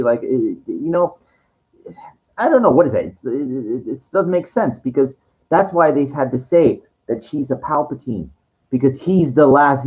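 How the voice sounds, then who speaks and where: A man talking in a rambling, casual monologue, full of restarts and fillers, sometimes dropping into a low slow voice to quote lines. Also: darkish tone, muffled recording.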